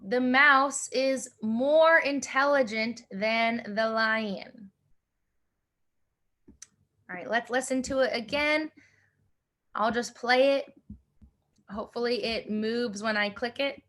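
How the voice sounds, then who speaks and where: High-voiced woman teaching a class. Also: a bit bright. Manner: upbeat, repeats questions slowly. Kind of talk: online class instruction.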